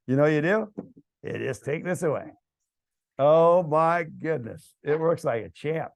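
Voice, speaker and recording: A middle-aged American man speaking casually to a church group, telling stories that build to loud, animated outbursts. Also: fairly high pitch, unhurried, vocal fry, no echo. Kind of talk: casual storytelling talk to a group. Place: church hall event.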